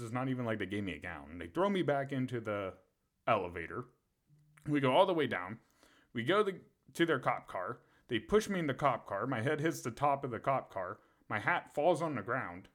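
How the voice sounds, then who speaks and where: A man with an everyday mid-range voice tells a story on a podcast. His pitch swings widely as he talks. He keeps it casual and profane and laughs as he goes. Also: fairly bright tone. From Pennsylvania. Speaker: podcast co-host.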